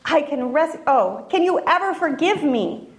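A woman's voice: high-pitched, big pitch swings, measured pace. A woman voicing a humbled, remorseful king who is grateful and earnest, speaking in a pleading storytelling voice. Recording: roomy echo.

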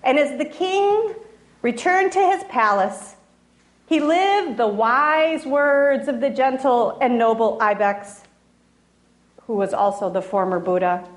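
A woman telling a fable in a gentle storytelling manner, with restarts and asides. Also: high-pitched, slow pace. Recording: roomy echo.

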